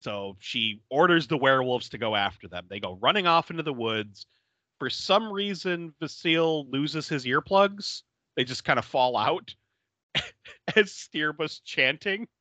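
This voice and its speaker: A man on a podcast, recapping a bad movie in casual chat. His voice is bright and fairly high, and it swings widely as he laughs and acts out the characters. The sound is dry and slightly dull. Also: dry recording. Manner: laughing often, animated retelling with quoted voices. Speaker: podcast co-host.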